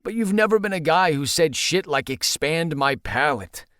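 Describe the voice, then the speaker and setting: A man's voice: on the high side, lively intonation, normal speed, a bit bright, clear, resonant tone, dry recording, studio quality, pitched above the performer's own voice. A man voicing a shameless, brash young man who mocks his friend in an audiobook.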